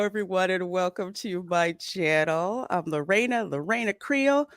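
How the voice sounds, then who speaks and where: A woman's voice: fairly low pitch, normal speed, no room sound, studio quality. A woman from Philadelphia hosting a livestream podcast, bubbly and laughing often as she greets the chat. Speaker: podcast host.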